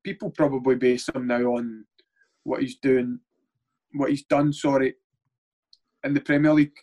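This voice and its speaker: A man's voice: mid-range voice, level tone, normal speed, darkish tone. A Scottish former footballer chats bluntly and at length, swearing as he goes. His voice sits in the middle of the range, and he rambles through his stories in a loose, casual way. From Scotland. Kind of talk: casual podcast chat.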